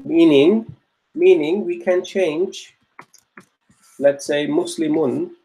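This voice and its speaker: A man's voice: a little high, expressive, unhurried, a little mellow. A man teaching an online grammar class, patiently repeating each point and checking that students follow. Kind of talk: online Arabic grammar lesson.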